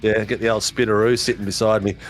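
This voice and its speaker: A man's voice: lowish voice, level tone, fast, soft background music. An Australian man hosting post-race interviews on a sim racing broadcast, joking and laughing with matey banter.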